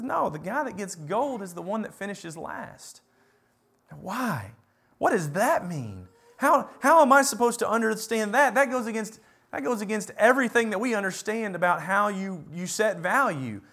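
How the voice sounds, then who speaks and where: A man preaching a sermon, animated, moving between loud emphatic lines and hushed ones, with sarcastic asides. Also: high voice.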